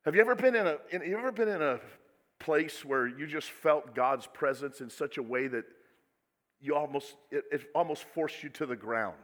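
Male preacher, bright and slightly high, with dramatic swings in volume, recorded in a reverberant hall. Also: animated, normal speed. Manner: dramatic swings from soft asides to loud exclamations. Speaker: pastor. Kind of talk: sermon. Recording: echoey hall with long reverb.

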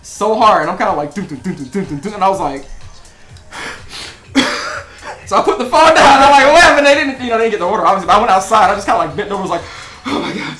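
A man co-hosting a casual podcast, telling a work story with lively acted-out quotes and laughter. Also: high-pitched, fast talker, roomy sound, faint music behind. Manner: animated, acts out quotes with laughs. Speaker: podcast co-host.

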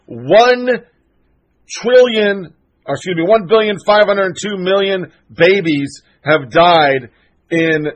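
High-voiced, fired-up male show host. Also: rough recording. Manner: fired-up, profane, sarcastic ranting. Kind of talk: solo political commentary monologue.

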